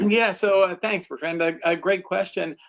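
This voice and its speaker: A man on a webinar panel answering a question with an animated anecdote full of filler ums, over a video call. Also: high-pitched, measured pace, vocal fry, lo-fi sound. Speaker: panelist, cruise recruiter.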